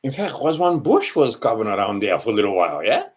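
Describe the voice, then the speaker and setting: A man's voice: on the low side, big pitch swings, quick pace, a little mellow, slightly rough. A man with a Hawaiian Pidgin accent, rambling through a solo monologue and correcting himself as he goes. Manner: meandering, self-correcting, asides to the listener. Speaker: channel host.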